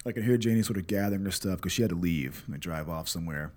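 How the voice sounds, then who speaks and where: A man's voice: deep voice, fast, darkish tone. Candid, profane man telling a story. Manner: candid, profane, reflective, self-deprecating. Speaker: podcast host and father. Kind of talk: casual storytelling monologue.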